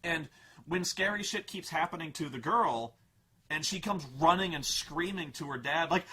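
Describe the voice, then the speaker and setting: A man's voice: on the high side, moderate pace. Exasperated, foul-mouthed man ranting. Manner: profane, exasperated, animated. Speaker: film reviewer. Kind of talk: comedic rant about a movie.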